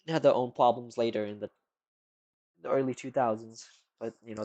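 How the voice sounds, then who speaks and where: A man's voice: medium pitch, fairly even intonation, brisk, dark tone, lo-fi sound. A man streaming live, rambling casually as he answers chat questions, with lots of "like" and "you know.".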